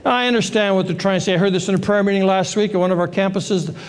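High-voiced animated male pastor. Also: fast, background noise. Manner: animated, joking, acts out voices of the people in the story. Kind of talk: sermon.

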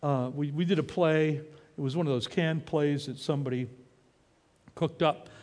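A man preaching a sermon as pastor, animated and emphatic, with joking asides and repeated lines. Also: on the high side, normal speed, in a large hall. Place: church.

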